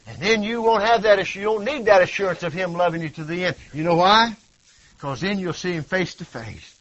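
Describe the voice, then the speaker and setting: A man preaching a sermon, swinging from loud cries to hushed tones and leaning on rhetorical questions and repetition. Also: high voice, fairly quick. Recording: dull lo-fi recording.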